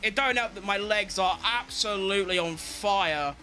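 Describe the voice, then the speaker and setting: A young man rattles off live commentary while he races, excitable and quick to swear at rivals or plead with his car. His voice sits high and sounds very bright and sharp. Faint music plays under him. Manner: excitable, swears, talks to himself and the game. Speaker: game streamer. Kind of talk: live racing game commentary.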